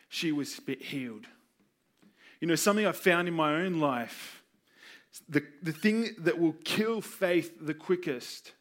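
Male preacher, higher-pitched, earnest storytelling sermon delivery. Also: a bit bright. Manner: earnest storytelling, acts out quoted voices.

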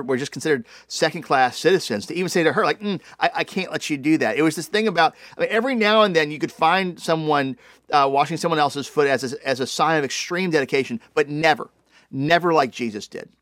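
A man preaching a sermon in a loose, conversational way, swinging between excited bursts and hushed, slower stretches. His voice sits slightly high, and the sound is dry and close. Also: no echo. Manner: conversational, animated, many "like" fillers. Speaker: pastor.

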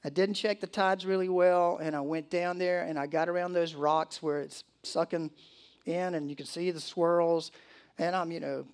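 Animated male pastor preaching. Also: on the high side, moderate pace. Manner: animated storytelling with laughs and acted asides. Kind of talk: sermon. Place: church.

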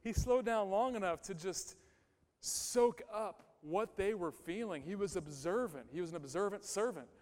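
A man's voice: high-pitched, animated, moderate pace, darkish tone. A male pastor giving a conversational sermon, emphatic and repeating his key phrases. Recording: long hall reverb.

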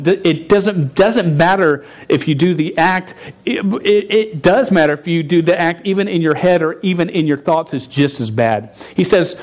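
Male preacher, fairly high voice, emphatic and animated delivery from the pulpit. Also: moderate pace. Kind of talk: sermon. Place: church service.

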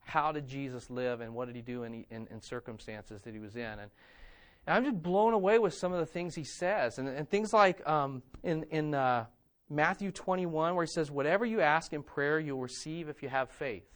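A man with a notably high voice preaches a sermon to his church. He is earnest and emphatic, driving points home through repeated phrases. In reflective stretches he sinks soft and low. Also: animated, normal speed. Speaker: pastor.

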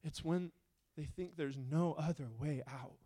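A man's voice: fairly high pitch, unhurried. Fervent preacher man, rising intensity. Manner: builds from quiet questions to loud fervent appeals. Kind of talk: sermon.

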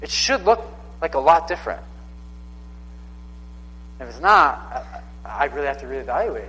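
A man's voice: mid-range voice, big pitch swings, measured pace, pauses often, bright, forceful tone, in a large hall, rough recording. A man in his thirties preaching a sermon in a casual, conversational way, often repeating himself for emphasis. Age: 30s. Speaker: pastor.

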